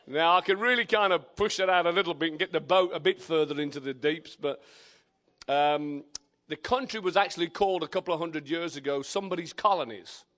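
An older man with an English accent, preaching a lively, joking sermon in a church. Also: fairly high pitch, normal speed. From England. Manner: exuberant, shouting praise, joking with the congregation. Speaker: visiting preacher.

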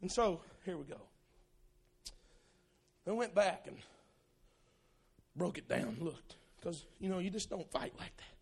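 A preacher with a strikingly high, lively voice that climbs and falls through each line. He is gravelly and often breaks into shouting. Faint music plays under his live sermon in church. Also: unhurried, pauses often. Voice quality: gravelly, loud, swings from low asides to shouting.

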